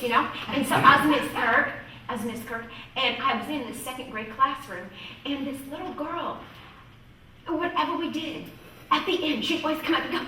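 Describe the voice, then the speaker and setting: A woman from northwest Ohio, a music teacher giving a lively storytelling workshop talk to fellow teachers. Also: high voice, moderate pace, a little hiss or hum. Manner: lively, storytelling, quotes voices. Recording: echoey room from far off.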